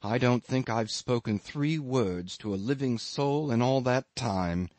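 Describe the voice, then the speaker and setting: A man's voice: medium pitch, lively intonation, measured pace, darkish tone, no echo, natural voice. A man reading a brooding young sailor. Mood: weary. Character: troubled young male sailor, brooding and ashamed. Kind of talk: audiobook character reading.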